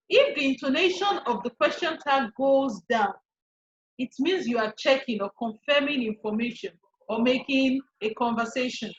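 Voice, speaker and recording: Echoey high-voiced Nigerian woman teaching. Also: expressive. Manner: repeats each point slowly, restarts often. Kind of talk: recorded online English lesson. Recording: echoey, muffled lo-fi room recording.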